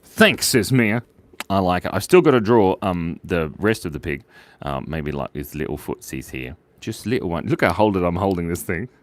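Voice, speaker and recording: A man's voice: sits low, lively intonation, moderate pace. A man hosting a live drawing stream, chatting playfully and reading out viewer names. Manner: playful, rambling, reads chat names aloud. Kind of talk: casual live-stream chat while drawing.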